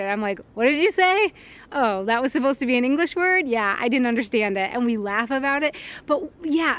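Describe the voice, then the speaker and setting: A young woman from the United States vlogging outdoors into a handheld camera, chatty and a little self-conscious, laughing often. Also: high-pitched. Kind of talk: casual vlog talk to camera. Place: outdoors in public.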